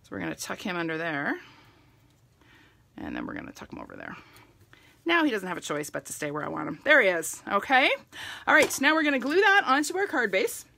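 A woman's voice: medium pitch, huge pitch swings, brisk, creaky, pauses often, sharp tone. A middle-aged woman giving a chatty live crafting demonstration and greeting viewers by name as she works. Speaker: stamping demonstrator.

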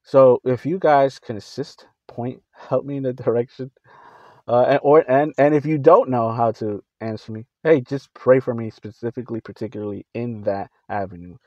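A man on a Christian video channel recounting his dreams in a casual, halting way, with many fillers and restarts. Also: medium pitch, fairly even intonation, warm tone, dry recording, lo-fi sound.

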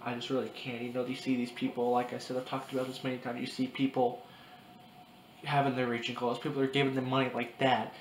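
A young man in his early twenties talking to his camera in a confessional vlog, crying, halting and repeating himself. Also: medium pitch, monotone. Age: 20s. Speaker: vlogger. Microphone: camera mic. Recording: echoey room with faint background noise.

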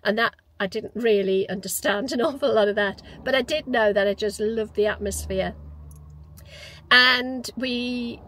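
A woman's voice: a little high, a little hiss or hum, low-quality recording. A woman, casually telling stories from her life in a reflective, chatty way with frequent restarts. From Newcastle, England. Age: 50s. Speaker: vlogger. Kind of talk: casual personal storytelling.

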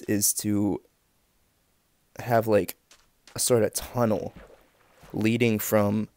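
A man's voice: fairly low pitch, dark tone, no room sound. A young man giving a casual voiceover for his own gameplay video, rambling with lots of fillers like "like" and "um". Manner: rambling, filler-heavy, with many likes and ums. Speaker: gaming video creator.

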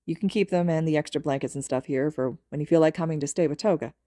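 A woman reading the part of a gruff, burly male teacher who talks bluntly and matter-of-factly. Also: low-pitched, quick pace, dark tone, no echo, clean studio sound, lightly acted.

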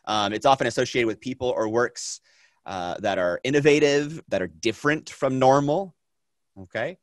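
A man teaching a film class, lecturing in a chatty, energetic way, with many fillers and repeated phrases. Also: medium pitch, normal speed, no echo.

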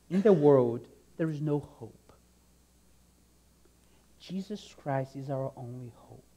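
A man gives a sermon in a fairly high-pitched voice, speaking slowly and deliberately. His tone stays warm and mellow as he earnestly stresses his message, often repeating a key phrase, and his lines tend to trail off softly at the end.

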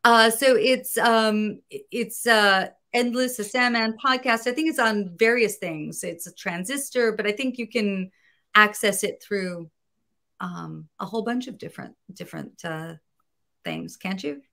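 A woman comic book writer, a guest in a casual interview, talking in an animated way, laughing often and searching for her words. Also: mid-range voice, unhurried, gravelly.

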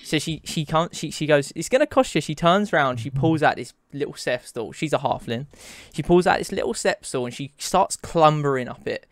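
A man's voice: on the high side, normal speed, dry recording, studio quality. A young man who narrates as game master in a tabletop game, talking in a casual way with restarts and laughs.

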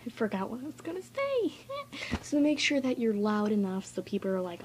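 A woman's voice: a little high, sing-song, brisk, noisy background. A woman recording a casual, rambling tutorial vlog in her bedroom, chatty and goofy and easily sidetracked. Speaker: vlogger.

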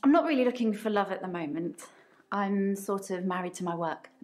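An actress voicing a calm female herbalist who speaks earnestly and gently about death in a game. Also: mid-range voice, a little fast, music in the background, lightly acted. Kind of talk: game character dialogue.

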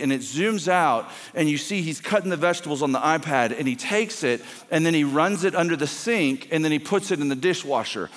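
A man preaching a conversational, intense sermon as a guest pastor, full of quick restarts. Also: a little high, expressive, big-room sound.

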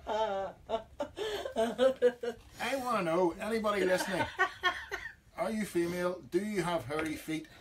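This Northern Irish man hosts a funny radio chat, playfully acting out ordinary overheard phrases in silly voices. He speaks fairly quickly in a high-sitting voice, against a noisy background.

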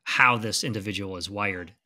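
Bright-voiced man asking questions. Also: fairly low pitch, moderate pace. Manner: inquisitive, stammers and repeats words. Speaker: podcast co-host. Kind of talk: casual conversational chat.

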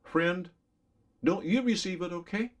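A man's voice: sits high, a little slow. A man preaching a Bible study sermon in an earnest, emphatic way, often addressing the listener directly as a friend.

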